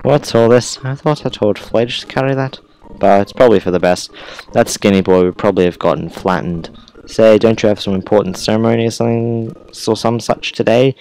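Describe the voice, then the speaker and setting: A man's voice: lowish voice, fairly quick, darkish tone, slight background noise, natural voice, rough recording. Man doing a bossy old kitchen lady. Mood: brisk. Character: bossy older woman kitchen worker.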